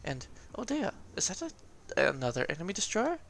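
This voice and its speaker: A man giving casual, excitable gameplay commentary, laughing often and swearing cheekily. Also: high voice, moderate pace, gravelly, a little hiss or hum.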